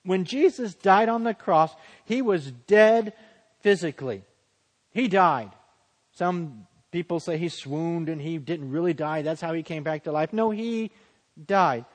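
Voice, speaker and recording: A man, preaching a sermon and shifting dramatically into a hushed, low voice for humble quotes. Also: a little slow. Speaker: pastor. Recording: long hall reverb.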